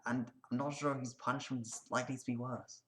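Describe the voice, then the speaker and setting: A man plays a shy troll boy in an amateur audio drama, with a mid-pitched voice. He trips over his words and stays polite and hesitant, even when he is worried. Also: fairly quick, close to an everyday voice. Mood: nervous. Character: timid, stammering teen troll boy.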